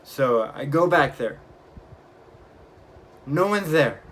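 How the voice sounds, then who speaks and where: A young man vlogging, casually retelling his week with lively quoted bits of dialogue. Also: on the high side, slow. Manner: chatty, animated retelling with acted quotes. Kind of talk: casual storytelling vlog.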